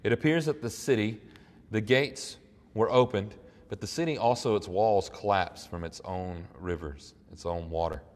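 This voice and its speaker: A middle-aged pastor preaching in a low-pitched voice that carries a long reverb. He delivers the sermon earnestly, swinging between emphatic declarations and hushed, reflective asides. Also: moderate pace. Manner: earnest, rises to emphatic peaks, then drops to quiet reflection.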